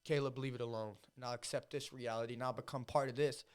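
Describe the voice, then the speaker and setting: Brief: male fighter guest, mid-pitched, talks with swearing and raw emotion in a relaxed podcast chat. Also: quick pace, clear, resonant tone. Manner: emotional, heavily profane storytelling.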